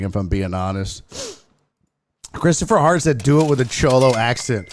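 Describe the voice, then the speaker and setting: A man hosts a casual sports livestream, joking with his chat and laughing often, which sends his voice swinging around. He has a medium pitch and moderate pace, recorded on a desk microphone.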